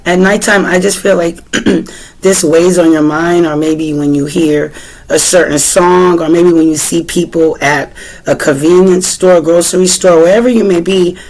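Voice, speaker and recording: Speaking in a lowish, darkish voice at a measured pace, a Boston woman gives a relaxed tarot reading with fairly even intonation. She chats away, questions the cards aloud, and frequently clears her throat, all on a rough recording.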